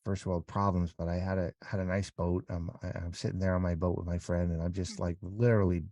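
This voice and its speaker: A man with a low, deep voice and a warm, mellow tone speaks candidly as an interview guest. He talks in halting bursts full of restarts and grows animated as he tells his story. The sound is close and dry, with no room around it. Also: dry recording. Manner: halting, many restarts, animated when recounting.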